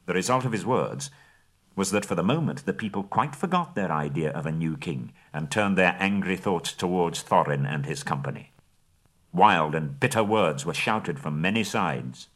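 A low-voiced man reading a fantasy story aloud in a steady audiobook narration. His delivery is dramatic, building through the action and easing into hush. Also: normal speed. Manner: dramatic, swelling at action, hushed at endings.

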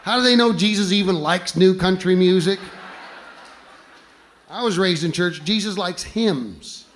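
A man's voice: high voice, moderate pace, slight background noise. A man doing a stand-up comedy routine on a club stage, mocking his targets and firing rhetorical questions at the audience.

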